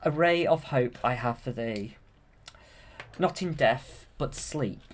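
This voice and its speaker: A man voicing a small, kindly fairy woman, speaking softly and carefully as she gives a hopeful blessing. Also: mid-range voice, lively intonation, slow pace. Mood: gentle.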